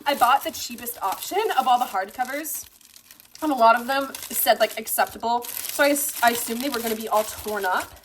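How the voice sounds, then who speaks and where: A woman in her twenties chatting excitedly in a vlog, gushing and swearing as she unboxes books. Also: a little high, a little hiss or hum. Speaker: vlogger. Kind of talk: casual chat and book unboxing.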